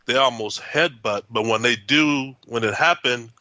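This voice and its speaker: A man's voice: medium pitch, moderate pace, bright, forceful tone, dry recording. A man, a house owner being interviewed, telling his story in a rambling way with many restarts and acted-out quotes.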